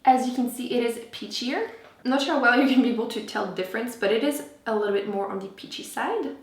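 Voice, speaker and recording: A woman's voice: on the high side, fast, reverberant. A young woman chatting enthusiastically through a makeup review, with lots of fillers and asides. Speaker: beauty vlogger. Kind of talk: casual product review.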